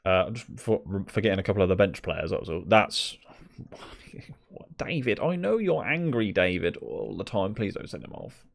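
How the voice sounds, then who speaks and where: A man's voice: on the low side, sing-song, normal speed, vocal fry. A young man gives chatty, exasperated live commentary on a game, talking to the players on screen. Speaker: gaming video creator.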